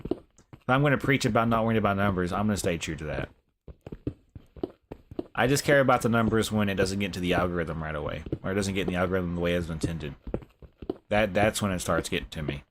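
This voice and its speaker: A young man talks loosely over his gameplay, cursing and tossing in bro. His voice sits a little low. Steady noise and clicks run under it. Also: fast talker, pauses often. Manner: laid-back, swears, says bro a lot. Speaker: live streamer. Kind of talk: casual gameplay commentary.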